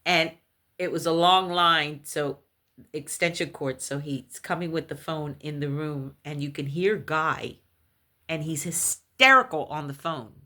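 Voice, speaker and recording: Woman, storyteller: low-pitched, unhurried, recounting a personal paranormal tale, animated and halting. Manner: animated storytelling, acts out others' voices in high shrieks; halting restarts when shaken.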